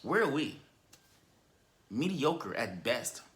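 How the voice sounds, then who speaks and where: Male sports fan vlogger, emphatic casual rant, bright forceful tone. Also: medium pitch, slow pace. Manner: animated and emphatic, repeats and restarts words.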